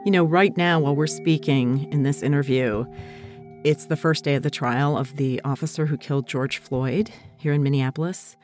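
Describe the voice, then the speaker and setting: A woman hosting a podcast, asking measured, thoughtful interview questions. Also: low voice, fairly even intonation, darkish tone, faint music behind. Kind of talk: interview questions and scripted outro.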